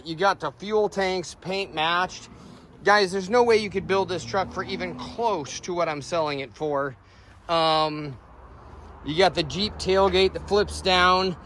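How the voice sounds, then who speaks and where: A man with a high, bright voice gives a loose, rambling walkaround of a truck he is selling outdoors. He talks casually, stumbling over fillers as he goes. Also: slight background noise. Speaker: vehicle seller. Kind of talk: casual walkaround sales video.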